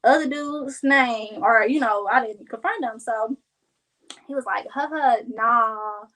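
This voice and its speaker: A young woman from Kansas City chatting casually to her viewers, telling a story and acting out her friends' lines in a higher voice. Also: measured pace, a bit bright, low-quality recording. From Kansas City, Missouri. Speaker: vlogger. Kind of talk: casual storytelling while crafting.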